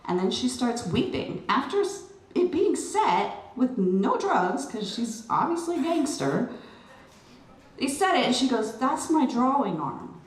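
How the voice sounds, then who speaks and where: A middle-aged woman speaking at an event, telling a personal story in an animated, chatty way with lots of fillers. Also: a little high, measured pace. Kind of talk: storytelling speech to a crowd. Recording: roomy, distant PA sound with light noise.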